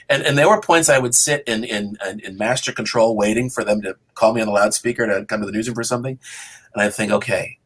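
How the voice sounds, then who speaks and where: A man in his fifties, a TV journalist guest, telling animated stories and acting out his past thoughts. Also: medium pitch. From Boston area. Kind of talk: storytelling in interview.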